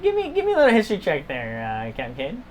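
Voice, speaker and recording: A woman's voice: mid-range voice, wildly swooping pitch, very fast, a little hiss or hum. A woman running a live-streamed tabletop game as game master, hesitant, with many fillers and restarts.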